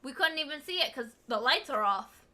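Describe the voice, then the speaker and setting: A woman's voice: high voice, animated, brisk, pushed and bright. A woman streaming her reactions to scary videos, chatty and jokey, with exclamations and giggles. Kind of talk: casual reaction commentary.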